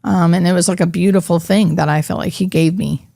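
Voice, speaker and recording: A middle-aged woman, a hospice nurse, tells a personal story in a rather low voice. She speaks in halting, heartfelt bursts full of fillers. The recording is dry and close. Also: fairly even intonation, gravelly, warm tone, no echo. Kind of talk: interview storytelling.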